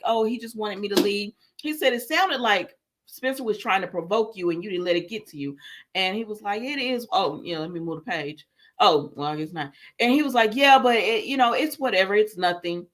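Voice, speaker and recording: A woman's voice: mid-range voice, fairly bright tone. A woman hosting a casual livestream, recapping a soap opera episode, quoting the characters as she goes and answering viewer comments, with frequent laughs and fillers. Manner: laughs often, lots of fillers. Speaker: soap opera review host.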